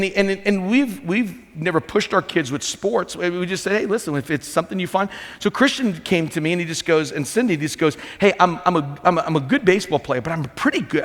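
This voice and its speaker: A middle-aged male pastor preaching a sermon with animated, self-deprecating humor and frequent restarts. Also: sits high. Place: large church sanctuary. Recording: reverberant church hall.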